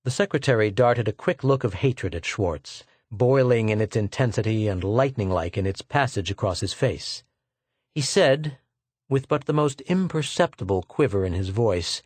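A man narrating a science fiction novel as an audiobook, reading in a measured, steady way and lifting his voice for the characters' lines. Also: on the low side, breathy edge, no echo. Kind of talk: scripted narration with dialogue voices.

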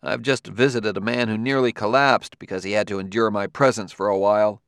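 A man's voice: fairly low pitch, fairly even intonation, a little fast, vocal fry, fairly bright tone, smooth, no echo, clean studio sound. A man reading an audiobook, voicing a grave male detective who questions a suspect.

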